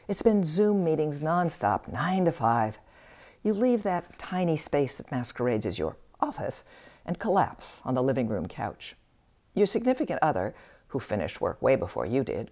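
A woman self-help speaker giving a scripted inspirational talk with expressive, wry storytelling. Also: sits low.

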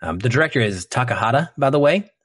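A man's voice: medium pitch, animated, quick pace, husky, dry recording, clean studio sound. A man co-hosting a podcast, giving an earnest, emphatic film review in casual chat. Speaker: podcast co-host.

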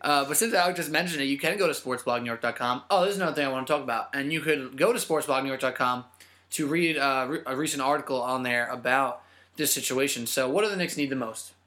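A man hosting a podcast in casual sports chat, talkative and quick to laugh. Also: medium pitch, bright, forceful tone. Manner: chatty, laughs often. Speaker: podcast host.

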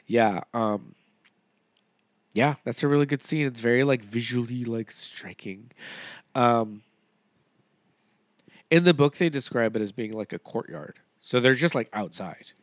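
A man's voice: medium pitch, measured pace, pauses often, no echo. Rambling man chatting on a podcast. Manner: rambling, many fillers, laughs often. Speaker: podcast co-host. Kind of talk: casual movie podcast chat.

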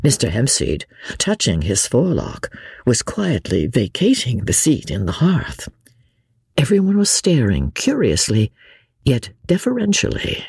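Woman, audiobook narration, expressive, animated pitch, husky, dry. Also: unhurried, no echo. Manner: expressive storytelling. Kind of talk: scripted narration of a classic novel.

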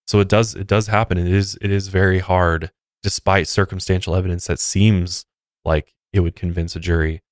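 Male podcast co-host, low resonant voice, conversational and loose, dry booth. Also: level tone, normal speed, dry recording. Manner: conversational, with frequent restarts and asides. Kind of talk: casual true crime chat.

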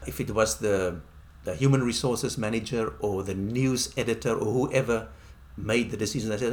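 A man's voice: fairly low pitch, fairly even intonation, normal speed. A middle-aged man from Africa, hosting a podcast and telling a personal story in a wry, self-deprecating way. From South Africa. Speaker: podcast host. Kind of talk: casual storytelling monologue.

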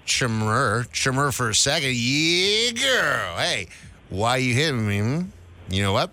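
A man puts on a drunk woman who slurs and stumbles over her words and picks fights. His voice is lively and bright. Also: mid-range voice, measured pace, exaggerated voice. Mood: slurring.

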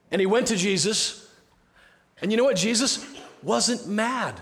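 A man preaching a sermon as pastor in a conversational way, often dropping to a soft, hushed tone. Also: high-pitched, normal speed. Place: church sanctuary.

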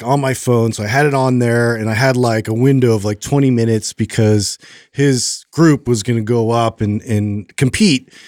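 A male podcast co-host rambles through a story in casual chat, full of fillers and animated retellings. His voice sits at an ordinary middle pitch. The sound is dry and close, as in a podcast studio. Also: no echo.

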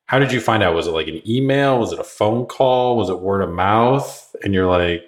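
A man's voice: lowish voice, moderate pace, hardly any pauses. A man hosting a podcast, casually asking his guest follow-up questions. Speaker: podcast host. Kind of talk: interviewing.

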